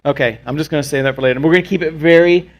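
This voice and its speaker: A man hosting a casual talk show, telling jokey stories with quick asides. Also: a little high. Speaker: podcast host. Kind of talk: casual chat.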